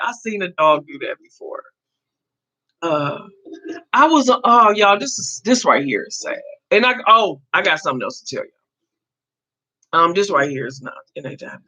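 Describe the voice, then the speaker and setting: A woman's voice: mid-range voice, bright, forceful tone, lo-fi sound. A woman in her fifties hosting a casual live chat, talking to viewers and answering their comments as she goes. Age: 50s. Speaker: livestream host.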